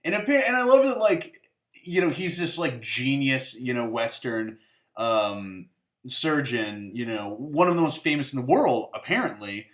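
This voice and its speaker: A man's voice: mid-range voice, animated, moderate pace, a bit bright. A man hosting a casual movie review show, rambling and sarcastic, with lots of "like" and swearing. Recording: roomy echo.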